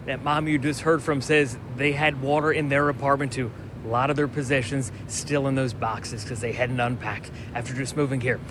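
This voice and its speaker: A man reading a local TV news report in a measured, formal delivery. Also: medium pitch, little pitch movement, noisy background.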